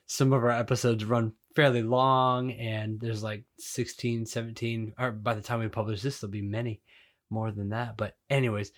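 A man's voice: mid-range voice, flat delivery, moderate pace. A man co-hosting a podcast, chatting casually and joking with his wife. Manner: joking, conversational. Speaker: podcast co-host. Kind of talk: casual chat.

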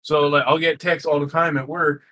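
A man co-hosting a podcast, telling a family story in a casual, animated way with lots of fillers and swearing. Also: fairly high pitch, fairly quick, poor audio. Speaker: podcast co-host. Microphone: game console headset. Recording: faint noise, home recording.

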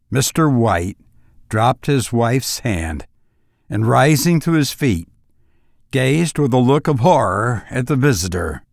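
A man reading a classic story aloud in measured, even scripted narration. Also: mid-range voice, gravelly, no echo, clean studio sound. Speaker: audiobook narrator.

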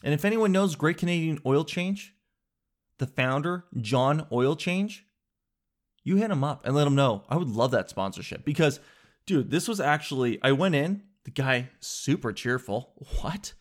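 A man telling a comic story in a casual vlog. He talks in an animated, slangy way, says "dude" a lot, and jumps up in pitch for emphasis. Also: normal speed. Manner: animated, exaggerated, swings to high emphasis.

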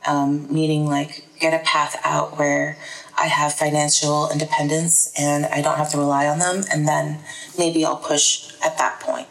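Low-voiced woman, thoughtful podcast guest. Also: level tone, rough recording. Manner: thoughtful, measured, frequent "like" and "um". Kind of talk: casual interview talk.

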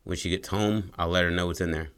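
A man's voice: low voice, fairly even intonation, fast talker, fairly bright tone, smooth. A man voicing a curious, laid-back husband who talks in casual, swearing slang, as he retells a story. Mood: restless.

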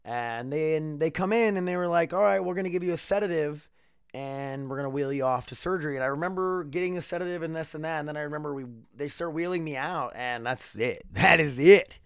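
A man's voice: on the high side, fast talker, clean tone, no room sound, clean studio sound. A man hosting a casual solo podcast, rambling and swearing with jokes, sore and tired after neck surgery. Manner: rambling, profane, joking. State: in pain after neck surgery, wearing a neck brace. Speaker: podcast host.

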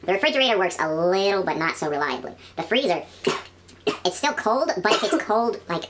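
A woman chatting casually in a studio, telling animated stories and trailing off into quiet mumbled asides. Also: medium pitch, fairly quick, slight background noise. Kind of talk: casual chat.

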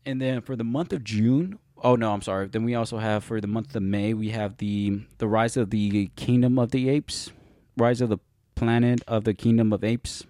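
A young podcast co-host chats casually about upcoming films in a fairly low, warm voice with fairly even intonation and a moderate pace. He rambles, often stops to correct his slips and loses names along the way. The sound is dry and close, with no room echo.

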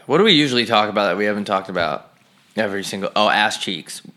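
A young man co-hosting a podcast, trading crude deadpan jokes in casual comedic chat. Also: quick pace. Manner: deadpan, crude joking with lively swings in pitch. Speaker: podcast co-host.

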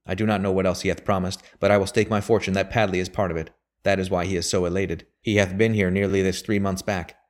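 A man's voice: fairly low pitch, natural voice. A man reading aloud, voicing a grave, shrewd elderly lawyer who speaks emphatically. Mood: emphatic. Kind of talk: audiobook character voice.

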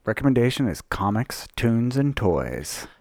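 A man's voice: medium pitch, big pitch swings, measured pace, darkish tone, no echo, clean studio sound. A man co-hosting a podcast in casual, joking chat, swearing freely. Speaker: podcast co-host.

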